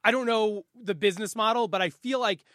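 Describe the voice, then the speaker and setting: A man's voice: high-pitched, brisk, fairly bright tone, dry recording, clean studio sound. A man chatting casually, easygoing and laughing along as he tells a story. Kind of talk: casual chat.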